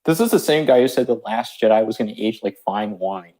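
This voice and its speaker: A man's voice: on the low side, lively intonation, fairly quick, warm tone, poor audio. A man chatting casually on a podcast, adding short dry joking asides.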